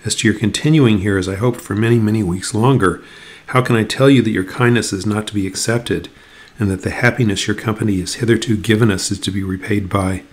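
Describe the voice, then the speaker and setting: A man's voice: fairly low pitch, fairly even intonation, a little fast, lightly acted. A man reading aloud the lines of a distressed young noblewoman, a reluctant messenger, in faltering, formal speech.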